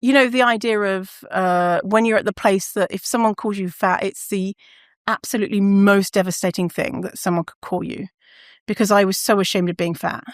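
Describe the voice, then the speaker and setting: A woman talking on her own podcast in a loose, candid way. She swears without a second thought and laughs through her stories. Her voice sits at an ordinary middle pitch and sounds close and dry, with no room sound around it. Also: steady tone, normal speed, no echo. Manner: candid, swears freely, laughs often, acts out quoted voices. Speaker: podcast host. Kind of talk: casual solo podcast monologue.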